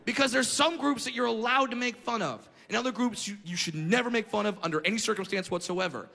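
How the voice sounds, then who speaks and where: A man doing a brash, profane stand-up routine on a club stage, building to shouted rants. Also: high-pitched, fast talker, creaky. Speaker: stand-up comedian.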